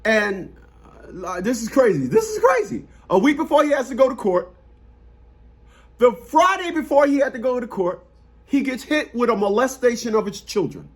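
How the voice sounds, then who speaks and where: A man's voice: extremely high pitch, lively intonation, normal speed. A man giving blunt, mocking commentary to his viewers as a family court consultant. He repeats himself and talks casually. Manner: blunt, mocking, repetitive, street talk.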